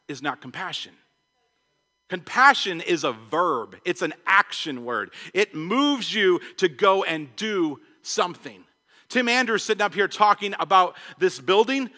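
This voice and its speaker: A young male pastor delivers his sermon with a high, bright voice, firing off thoughts in passionate bursts and restarting his sentences. His voice trails off into a long reverb that fills the church hall. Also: animated. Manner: passionate, fast-talking preacher with many restarts and acted quotes. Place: church sanctuary.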